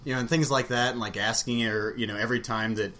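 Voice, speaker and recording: A man in casual, frank conversation about a book, rambling with fillers and quick laughs. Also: medium pitch, steady tone, a bit bright. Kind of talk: casual chat about books. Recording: faint background noise.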